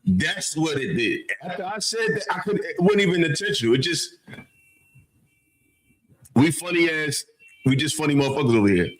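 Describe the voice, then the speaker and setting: A male stream host talks back to a replayed clip in blunt, mocking slang. His pitch swings widely from line to line, and he sounds loose and conversational. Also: wildly swooping pitch, normal speed, pauses often, poor audio. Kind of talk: casual commentary over a replayed clip.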